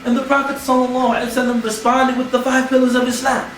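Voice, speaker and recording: A man's voice: very high-pitched, little pitch movement, fast talker, a bit bright, recorded from a distance, slight background noise. A man giving a humorous, slangy storytelling talk on religion to a student audience in a lecture hall.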